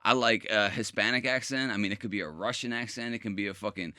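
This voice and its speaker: A young man from Maryland chats crudely on a podcast, swearing freely and laughing often. His voice has a bright, sharp edge. The sound is close and dry, with little room in it. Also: lowish voice, fast, no echo. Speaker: podcast co-host or guest. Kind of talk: casual podcast chat.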